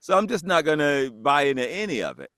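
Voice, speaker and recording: A man's voice: fairly high pitch, very animated, brisk, fairly bright tone, no echo, studio quality. A man guest on a podcast, telling a story in casual chat and acting out the voices of the people in it, laughing often.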